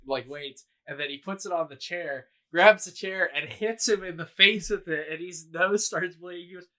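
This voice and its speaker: A man co-hosting a podcast, retelling movie scenes in an animated, casual way with acted-out quotes and laughter. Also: high voice, moderate pace. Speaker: podcast co-host. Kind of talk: casual chat.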